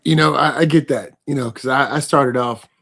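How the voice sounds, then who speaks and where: A man's voice: mid-range voice, fairly even intonation, moderate pace, gravelly, a bit bright, husky. Chatty man hosting a live interview. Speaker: interview host. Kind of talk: casual interview.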